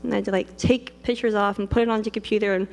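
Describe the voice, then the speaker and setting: A woman's voice: mid-range voice, fairly even intonation, a little mellow, faint music behind. A young woman from Canada, a wedding photographer telling a personal story at length, full of "like" and quoted self-talk. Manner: fast, filler-heavy retelling with many "like"s and acted quotes. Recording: long reverb of a large hall.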